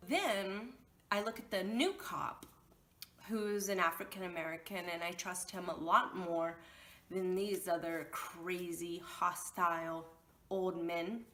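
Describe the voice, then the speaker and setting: A woman's voice: medium pitch, a little slow, bright, forceful tone. A young woman telling a storytime vlog, heated and emotional, swearing openly as she recounts what happened to her. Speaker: vlogger.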